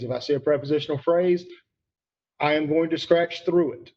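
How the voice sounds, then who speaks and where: A man's voice: a little high, normal speed, lo-fi sound. A man teaching grammar to students online, emphatic and repeating key points, calling on students by name.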